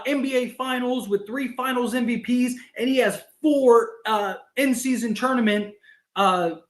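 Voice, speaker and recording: A man hosting a casual livestream, ranting with lots of filler words and quick asides. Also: sits high. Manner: animated, filler-heavy, rapid asides. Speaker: sports fan livestream host. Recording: echoey room sound.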